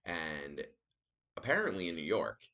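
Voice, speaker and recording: Deep voiced guy ranting on his podcast, muffled kinda lo-fi sound. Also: measured pace. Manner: animated ranting storyteller. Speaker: podcast host. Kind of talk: casual solo podcast monologue.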